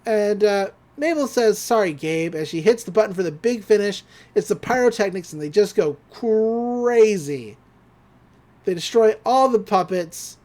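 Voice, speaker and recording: In a casual episode recap, a podcast host retells a cartoon episode scene by scene, animated and laughing often. The voice is mid-range and unhurried.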